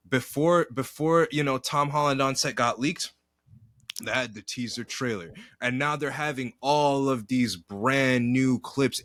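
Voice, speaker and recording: A man co-hosting a podcast in casual chat, animated and slangy, rambling through his takes. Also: medium pitch, no echo, clean studio sound. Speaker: podcast co-host. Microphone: podcast mic.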